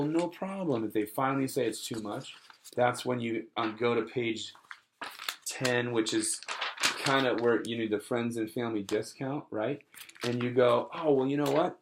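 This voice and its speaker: A young adult man giving a casual sales training talk, chatty and full of fillers, acting out little customer dialogues. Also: medium pitch.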